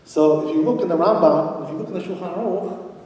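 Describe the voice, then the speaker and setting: A man's voice: sits high, quick pace, darkish tone. A male rabbi giving a Torah lecture to a congregation, speaking conversationally with frequent "you know" and rhetorical questions. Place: synagogue hall at an evening event. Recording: echoey hall from far off.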